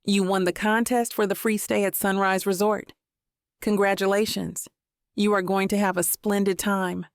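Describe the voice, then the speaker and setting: A woman voicing a warm, upbeat male resort salesman calling on the phone in an audiobook. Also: mid-range voice, level tone, normal speed, no echo, studio quality, lightly acted.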